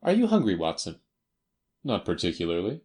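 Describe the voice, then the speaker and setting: A man voicing a self-assured male detective, crisp and precise, in an audiobook reading. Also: sits low, huge pitch swings, fairly quick, darkish tone. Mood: brisk.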